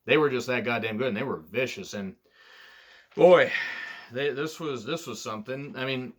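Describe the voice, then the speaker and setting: A man's voice: medium pitch, moderate pace. A young adult man reviewing old wrestling events in blunt, profane, ranting casual commentary. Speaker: wrestling fan YouTuber.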